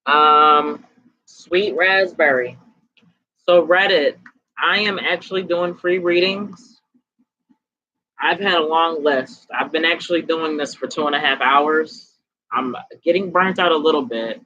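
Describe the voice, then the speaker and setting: A woman giving tarot readings on a casual live stream, chatting in a relaxed, slangy way, tired and sweaty. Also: deep voice, measured pace, muffled recording. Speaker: tarot reader.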